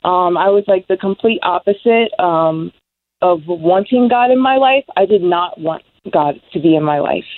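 A young woman giving an emotional personal testimony of her recovery, halting with many ums. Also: fairly low pitch, lively intonation, no room sound. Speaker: guest sharing recovery story. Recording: dry tinny phone-like sound.

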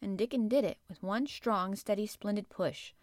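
A woman reads a storybook aloud with gentle, measured narration. Her pitch sits in the middle range. The sound is dry and close. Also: dry recording. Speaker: audiobook reader.

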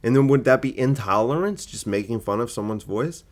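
A man's voice: medium pitch, expressive, a little fast. A man, a comedian, arguing his point in a solo podcast monologue, full of rhetorical questions and fillers.

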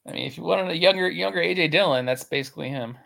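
A man's voice: a little high, fast, gravelly, pushed and bright. A man co-hosting a casual sports podcast, giving analysis with lots of fillers and hedges. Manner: filler-heavy, hedging analysis. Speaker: podcast co-host, draft analyst.

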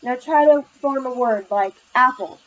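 A woman voicing a patient, encouraging female tutor who teaches speech, read in a gentle, upbeat teacherly way. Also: high-pitched, measured pace, a little hiss or hum. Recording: slightly muffled lo-fi recording.

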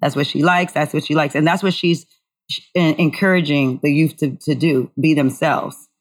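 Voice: medium pitch, steady tone, moderate pace, slightly rough. A co-host in casual talk, earnest and reflective, often restarting sentences. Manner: earnest, thinks aloud with restarts. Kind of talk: casual chat.

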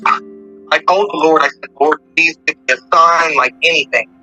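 A man calling in to share a personal story, talking earnestly and haltingly with many fillers. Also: on the high side, bright, forceful tone, faint music behind, low-quality recording. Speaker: caller sharing a story. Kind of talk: casual storytelling.

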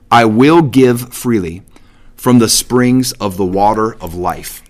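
Man teaching scripture in an animated way. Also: mid-range voice. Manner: animated, paraphrases God in everyday speech. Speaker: Bible teacher. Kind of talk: casual Bible teaching.

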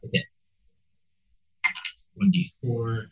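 A man playing a tabletop game, thinking out loud about his moves. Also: mid-range voice, expressive, slow pace, poor audio. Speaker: player. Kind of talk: casual tabletop play.

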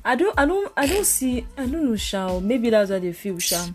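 A young woman with a Nigerian accent, telling lively stories in casual chat as a podcast co-host, often breaking into laughter. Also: a little high, normal speed, faint music behind.

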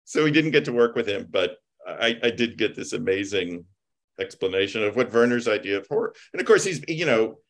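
Deep-voiced man telling film stories. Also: fairly quick. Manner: animated storyteller, digressive, many fillers. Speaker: film writer and producer, podcast guest. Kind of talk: casual chat.

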